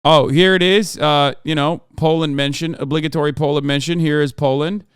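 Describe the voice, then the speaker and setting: A man in his thirties reacts to news clips on a live stream. He is loose, profane and excitable, and breaks into laughing asides. His voice is smooth and a little high, recorded dry and close. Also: brisk, dry recording.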